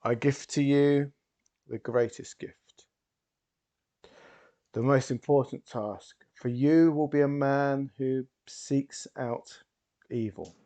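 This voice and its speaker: A man's voice: medium pitch, fairly even intonation, slow pace, long pauses, pitched above the performer's own voice. A man playing a grandiose stage hypnotist. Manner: theatrical announcer voice, rising and loud. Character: showy male stage hypnotist, grand and smooth.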